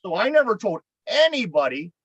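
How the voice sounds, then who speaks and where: Pittsburgh guy with a high voice rambling through a story, swears a lot, dry muffled sound. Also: big pitch swings, brisk, breathy edge, no echo. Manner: rambling, profane, repeats words when worked up. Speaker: podcast co-host. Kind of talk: casual storytelling chat.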